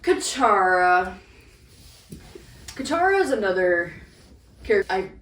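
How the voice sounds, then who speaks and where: A woman's voice: mid-range voice, very animated, a little slow, a bit bright. A woman chatting casually as co-host while ranking characters, with lots of "like" fillers. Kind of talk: casual chat. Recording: echoey room, distant mic, faint noise.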